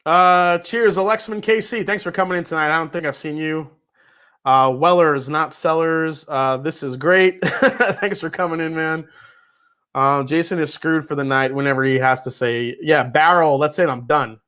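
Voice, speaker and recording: A man's voice: fairly high pitch, fairly even intonation, moderate pace, bright, forceful tone, clear, resonant tone. A man with a New York accent hosting a casual whiskey livestream, reading out viewer messages and chatting loosely, with casual swearing.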